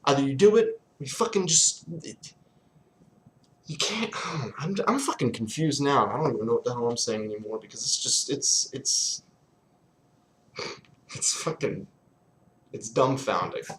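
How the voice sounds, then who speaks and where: A man's voice: medium pitch, expressive, a little slow, pauses often, a bit bright, slight background noise. Profane, exasperated man ranting. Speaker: sports fan vlogger. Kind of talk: casual ranting vlog.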